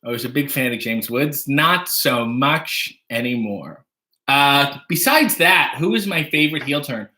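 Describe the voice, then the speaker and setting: A man's voice: mid-range voice, expressive, unhurried, sharp tone. A man hosting a casual livestream from his home kitchen, reading viewer donations and tossing off dry, wry jokes while making coffee. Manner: wry, dry joking asides.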